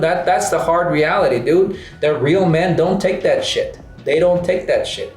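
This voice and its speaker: A man's voice: fairly high pitch, unhurried, hardly any pauses, a little mellow. A man ranting casually, swearing constantly and tossing "bro" and "dude" into almost every line. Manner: profane, repetitive, fills lines with "bro" and "dude". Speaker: host. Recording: roomy echo with faint music.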